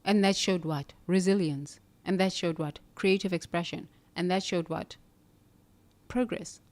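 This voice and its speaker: A woman's voice: lowish voice, fairly even intonation, measured pace, a little mellow. Brief: earnest woman self-help speaker, coaching tone, asks and answers her own questions. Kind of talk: reflective motivational monologue.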